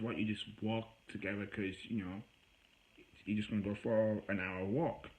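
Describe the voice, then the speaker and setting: A man's voice: fairly bright tone, rough recording. Agitated man telling a personal story. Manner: agitated, rambling, with raised voice when quoting himself; self-described voice that gets high when upset. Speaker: vlogger.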